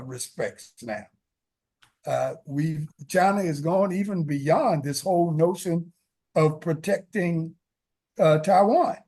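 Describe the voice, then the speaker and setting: Slow, gravelly man explaining world affairs. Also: a little high, a little mellow. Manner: measured, explanatory, many fillers. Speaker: co-host commentator. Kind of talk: casual political discussion.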